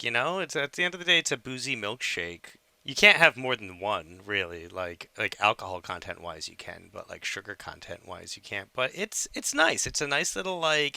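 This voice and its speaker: Bright, crisp-voiced male podcast co-host. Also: medium pitch, no room sound. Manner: relaxed, chatty, leans on fillers like "like". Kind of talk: casual chat.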